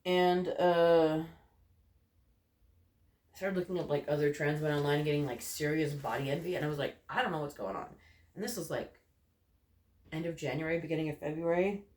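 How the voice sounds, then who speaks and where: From his bedroom corner, a young man rambles candidly to camera, leaning on "like" and "you know." His voice is on the high side, steady and a little mellow, moving at normal speed with frequent pauses, and the bedroom adds a roomy echo.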